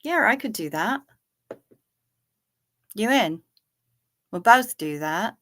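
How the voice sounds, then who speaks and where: A woman's voice: mid-range voice, lively intonation, slow pace, pauses often, a bit bright. A woman hosting a livestream, chatting casually and answering viewer comments. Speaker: livestream host.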